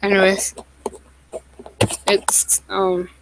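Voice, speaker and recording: A woman vlogging in a casual, rambling way, with lots of "like" and "um", quick asides and apologies. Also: mid-range voice, completely flat delivery, creaky, slight background noise, poor audio.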